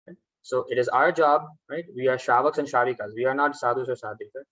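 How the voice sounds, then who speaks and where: A man's voice: medium pitch, quick pace, fairly bright tone, dry recording, muffled recording. A man leading a workshop, patiently explaining a ritual step by step and often checking in with "right?". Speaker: workshop instructor. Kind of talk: guided ritual instruction.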